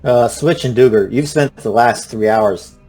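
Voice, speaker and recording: A man narrating a tabletop role-playing game as game master, halting often with uh and um. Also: mid-range voice, a little mellow, soft background music. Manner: halting, full of uh and um.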